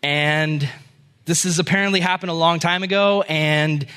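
A man voicing his middle-aged father, who calmly relays bad news in a steady, matter-of-fact way. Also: fairly high pitch, normal speed, clean tone. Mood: serious.

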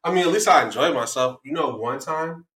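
A man's voice: a little high, expressive, brisk, fairly bright tone, reverberant, low-quality recording. A young man hosting a podcast, playful and teasing in casual, slangy chat. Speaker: podcast host.

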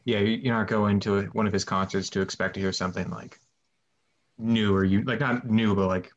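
A man's voice: lowish voice, fairly even intonation, a little fast. A man hosting a casual podcast, asking long, curious questions. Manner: inquisitive, asks long questions. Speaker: podcast host. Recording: dull lo-fi sound.

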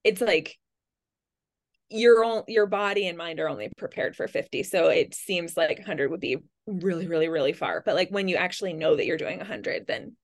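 A woman's voice: fairly low pitch, moderate pace. Rambling woman in casual chat. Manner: rambling, lots of "like" and "um". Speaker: podcast co-host.

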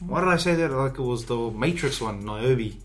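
A woman's voice: very deep voice, lively intonation, a little fast, soft background music. A woman co-hosting a casual chat, joking around and swearing casually, often breaking into laughs. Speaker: podcast co-host.

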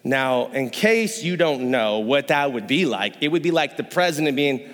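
Joking young pastor in a reverberant hall. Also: male voice, mid-range voice, expressive, normal speed, hardly any pauses, a bit bright. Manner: joking, playful, acts out voices. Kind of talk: sermon. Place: church hall.

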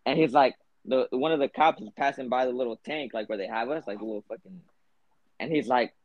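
A man's voice: mid-range voice, fast, dry recording. A young man hosting a podcast, telling a long story in a rambling, profane way, full of fillers. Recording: dull lo-fi podcast audio.

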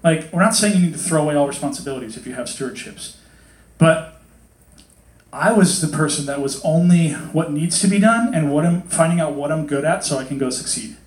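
Chatty, animated man preaching in an echoey hall. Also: fairly high pitch, a little fast. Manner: chatty, animated, acts out quotes with voices. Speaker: pastor. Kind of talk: casual sermon. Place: hot hall with a congregation.

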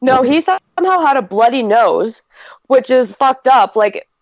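A woman's voice: sits high, animated, measured pace, dry recording, muffled recording. A woman and mother, telling a story in casual chat, rambling with lots of "like" and swearing.

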